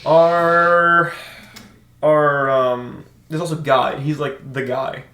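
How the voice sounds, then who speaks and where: A young man on a podcast telling stories in casual chat, animated and laughing often, acting out shouted orders. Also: fairly high pitch, very slow. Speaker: podcast co-host. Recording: echoey room.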